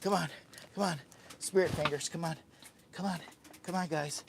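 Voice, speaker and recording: A man in his fifties with a Midwestern American accent, chatting on a live stream from a hot tent while camping. He rattles along fast and hyper, joking and breaking into sing-song asides. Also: a little high, steady tone, gravelly, noisy background. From United States. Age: 50s. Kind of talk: rambling live stream chat. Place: tent with a stove on a windy day, outdoors.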